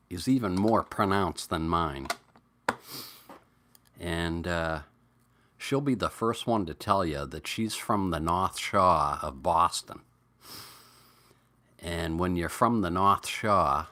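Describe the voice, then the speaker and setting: A middle-aged man with a New England accent, rambling through stories and greeting viewers on a relaxed live chat. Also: deep voice. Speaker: livestream host.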